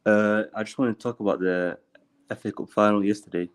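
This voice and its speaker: A man's voice: lowish voice, steady tone, fairly quick, clear, resonant tone, rough recording. An eighteen-year-old young man calling in to a football show, talking in a casual, earnest way. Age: teens. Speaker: caller. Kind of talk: phone-in call.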